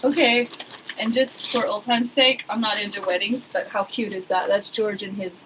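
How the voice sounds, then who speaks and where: Woman, 40s, casual vlogger, rambling with wry asides, clear background noise on the recording. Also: mid-range voice, fairly even intonation, moderate pace. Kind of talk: casual chat while sorting old papers.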